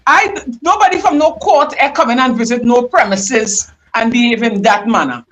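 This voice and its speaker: A woman hosts a live talk stream in a high voice. She keeps asking pointed follow-up questions and sounds indignant about what she hears. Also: expressive, moderate pace, a bit bright, poor audio. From Trinidad. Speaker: talk show host.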